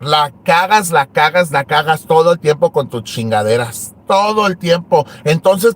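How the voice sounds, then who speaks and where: A man's voice: on the high side, moderate pace, few pauses. A man hosting an online show, ranting and taunting a rival, switching between English and Spanish. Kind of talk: ranting livestream talk.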